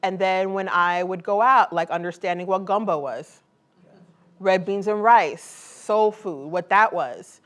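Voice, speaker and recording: A woman poet speaks before a live college audience, moving between a read poem and loose, friendly talk. She jokes easily and fills her sentences with "like" and "um." Her speaking voice sits at a middling pitch. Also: a little slow, fairly bright tone. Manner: casual and chatty, with many "like" and "um" fillers. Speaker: poet and author. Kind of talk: poetry reading and audience Q&A.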